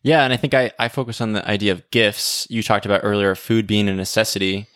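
A man's voice: on the low side, fairly even intonation, quick pace, a bit bright, no room sound, studio quality. A man co-hosting a podcast in a casual conversational way, often asking "right?" and trailing into "like". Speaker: podcast co-host. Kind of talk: casual faith discussion.

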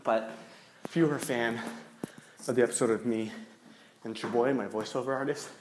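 A man's voice: medium pitch, steady tone, moderate pace. A man hosting a podcast while walking through city streets, rambling and self-mocking, growing out of breath. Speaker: podcast host. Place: city streets outdoors, then stairwell. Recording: noisy street recording. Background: street traffic and clicks.

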